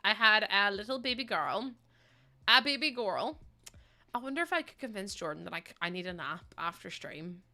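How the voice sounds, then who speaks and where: A woman's voice: mid-range voice, very animated, moderate pace, pushed and bright. A young woman chatting casually to viewers on her livestream, sleepy, rambling and giggling often. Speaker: streamer.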